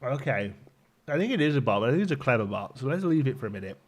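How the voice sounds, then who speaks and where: A man's voice: medium pitch, sing-song, fast. Casual young male streamer, bantering with chat, easy laughter. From Britain. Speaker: livestream host. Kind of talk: casual live-stream chat reading viewer messages.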